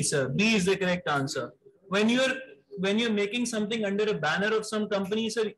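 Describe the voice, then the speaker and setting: High-voiced man quizzing vocabulary. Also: a bit bright, rough recording. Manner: brisk, mixes Urdu into English, calls students "sir". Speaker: vocabulary teacher. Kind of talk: live online class, quizzing students.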